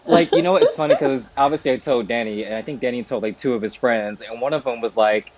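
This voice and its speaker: A man trades stories with friends on a podcast, animated and quick to poke fun at himself. His voice sits at an ordinary middle pitch and he talks casually. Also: a little hiss or hum, poor audio. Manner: animated, self-deprecating storyteller. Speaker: podcast co-host. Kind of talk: casual chat.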